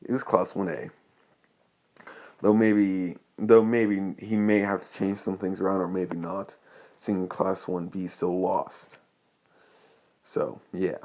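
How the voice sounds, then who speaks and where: A man's voice: low-pitched, flat delivery, slow pace, pauses often, darkish tone. A man improvising a fan story as narrator, rambling with many restarts.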